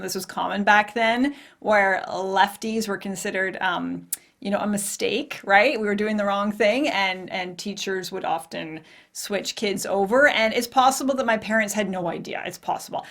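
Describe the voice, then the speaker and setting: A woman's voice: mid-range voice, fairly bright tone. A woman hosting her own podcast and telling a personal story in a candid, conversational way. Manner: candid and conversational, swears casually. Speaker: podcast host and martial arts coach.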